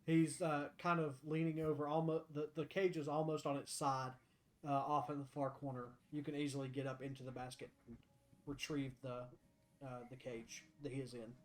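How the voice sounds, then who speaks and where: A man's voice: medium pitch, level tone, moderate pace. A man narrating a tabletop game as game master, casual with frequent fillers.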